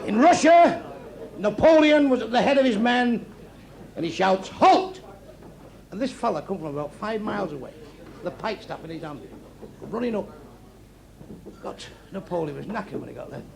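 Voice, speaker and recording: A man's voice: sits high, animated, normal speed, gravelly, long pauses. A man doing a stand-up routine, telling blunt, crude jokes to a live club audience. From England. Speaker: stand-up comedian. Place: comedy club stage. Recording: live club recording with noisy laughing crowd. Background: audience laughter and chatter.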